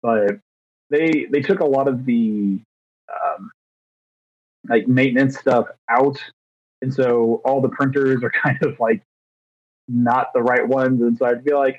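A man's voice: medium pitch, steady tone, a little slow, pauses often. A man of thirty co-hosting a podcast, telling rambling, self-deprecating stories with fillers in casual chat. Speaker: podcast co-host. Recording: dry, slightly dull podcast mic.

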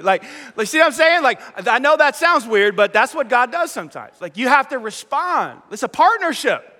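A middle-aged male pastor preaching an energetic sermon, acting out the prayers and voices he quotes. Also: very high-pitched, moderate pace, hardly any pauses. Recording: long hall reverb.

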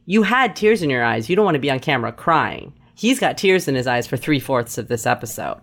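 A woman co-hosting a casual podcast, chatting and retelling scenes in an animated way. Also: very deep voice, a little fast. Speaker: podcast co-host. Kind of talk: casual chat.

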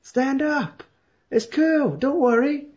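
A man putting on a high, mocking voice for an overexcited deranged surgeon. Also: slow, a little mellow. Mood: gleeful. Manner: high-pitched mocking mimicry. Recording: dull lo-fi recording.

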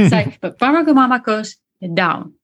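A woman guest in an interview, explaining communication skills in a lively conversational way and demonstrating tones of voice as she talks. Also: on the high side, unhurried. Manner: animated, explains with spoken demonstrations.

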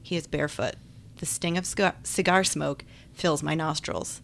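A woman's voice: deep voice, fairly even intonation, moderate pace, creaky, slight background noise. A woman giving wry, chatty first-person audiobook narration. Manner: wry, chatty, self-deprecating.

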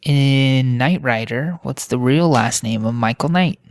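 A man's voice: mid-range voice, a little slow, no echo. A man co-hosting a casual podcast, playfully explaining a card game and reading out trivia questions while playing. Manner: playful, explains patiently, quizzes his partner. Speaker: podcast co-host.

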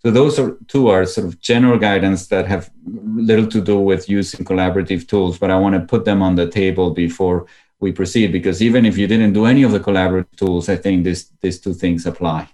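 A man's voice: low voice, steady tone, brisk, warm tone. A man interviewed as an educator, explaining in a thoughtful way and sometimes restarting his sentences. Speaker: guest educator. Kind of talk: conversational interview.

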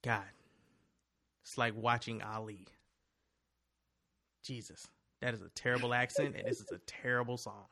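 A man's voice: medium pitch, steady tone, normal speed, vocal fry, pauses often, bright, forceful tone. A man hosting a casual chat, ranting animatedly and swearing freely.

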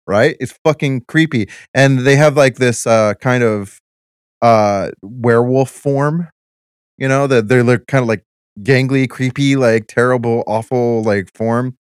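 A man's voice: medium pitch, measured pace, smooth, dry recording, clean studio sound. A man co-hosting a podcast, chatting casually and swearing while explaining theories. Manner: profane, animated when explaining theories. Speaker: podcast co-host. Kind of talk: casual chat.

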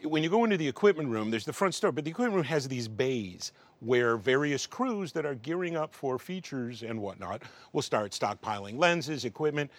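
Animated middle-aged man telling a story. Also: medium pitch, normal speed, hardly any pauses, no room sound. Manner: animated, acts out dialogue, wry. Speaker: interview guest, film professional. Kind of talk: anecdotal storytelling.

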